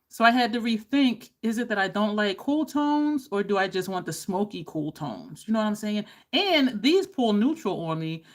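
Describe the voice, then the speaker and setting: A woman beauty vlogger chatting to camera, animated and laughing often, with high exclaimed reactions. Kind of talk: casual chat to camera.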